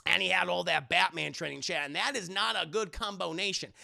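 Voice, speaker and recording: A man streaming a casual, animated and profane movie recap while talking to his chat. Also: sits high, fairly quick, gravelly.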